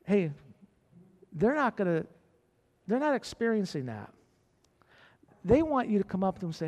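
A man's voice: sits high, moderate pace, long pauses. A man preaching a sermon as pastor, building to fervent exhortations to his church. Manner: preaching with rising excitement and exhortations. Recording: hall reverb.

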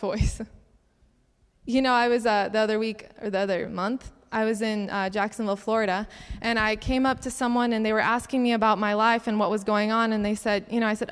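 A fairly high-voiced young woman gives an earnest, chatty testimony in a church hall. Her words carry a long, lingering reverb. She talks casually, with plenty of fillers. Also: steady tone, brisk, clean tone. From Cincinnati, Ohio. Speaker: ministry speaker. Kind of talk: sermon testimony.

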